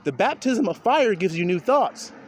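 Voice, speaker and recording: Animated high-voiced male preacher. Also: normal speed, background noise. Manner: emphatic, preachy, swings between loud outbursts and low asides, acts out quoted voices; profane, colloquial. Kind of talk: informal street sermon.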